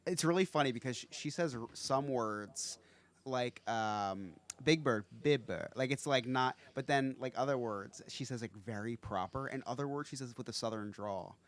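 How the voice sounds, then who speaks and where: A man's voice: medium pitch, normal speed. A man co-hosting a casual podcast chat, joking and laughing often as he rambles with frequent restarts. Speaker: podcast co-host.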